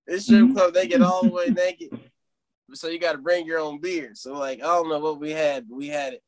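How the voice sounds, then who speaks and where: Animated young man telling a story. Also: on the high side, a little fast. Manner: animated, laughs through his story. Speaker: podcast co-host. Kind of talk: casual storytelling among friends.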